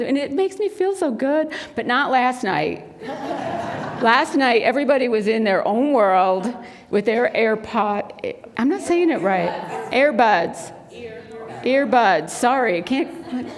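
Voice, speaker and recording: Addressing a spiritual center congregation, a woman delivers a sermon built around storytelling, acting out the people in her stories. She is an animated storyteller who voices quotes in a high, bright tone, and the recording carries a long hall reverb.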